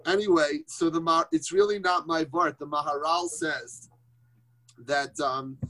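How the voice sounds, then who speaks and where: A man's voice: fairly high pitch, fairly even intonation, a little slow, pushed and bright. A man teaching Torah informally on a group phone call, conversational, asking rhetorical questions and mixing in Yiddish and Hebrew terms.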